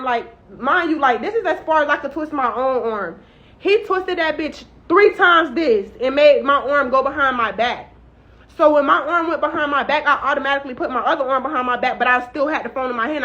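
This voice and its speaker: Young-sounding woman, high and bright, heated profane storyteller, dull lo-fi sound. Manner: emphatic, heated, profane, heavy use of "like". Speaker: woman recounting her arrest. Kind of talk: casual first-person account to camera. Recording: dull lo-fi audio.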